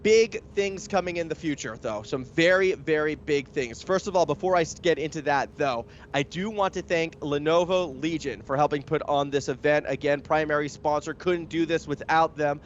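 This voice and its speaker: A young man calls a live esports match in a chatty, analytical way, his voice sitting a little high. He speeds up as the action heats up. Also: moderate pace, few pauses, highs cut off, a little hiss or hum. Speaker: esports caster. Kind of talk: live game commentary.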